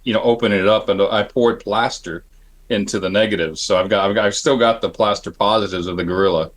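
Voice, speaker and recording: A middle-aged man from Phoenix, Arizona, a makeup effects artist telling stories on a panel, acting out the people in them and often clearing his throat. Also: fairly low pitch, quick pace. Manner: animated, acts out the people in his anecdotes; frequent throat clearing and restarts. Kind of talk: storytelling on a panel.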